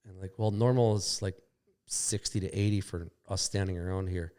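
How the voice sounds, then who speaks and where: Low-voiced man telling a racing story. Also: fairly even intonation, normal speed, a little mellow, clean tone. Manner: rambling, profane, acts out quoted dialogue. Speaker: podcast guest. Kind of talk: casual storytelling. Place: shop.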